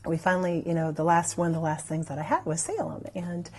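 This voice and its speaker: A woman from the church tells her own story unscripted, speaking fast in a deep voice. She rambles along with lots of "you know" fillers and becomes lively when recalling what others said.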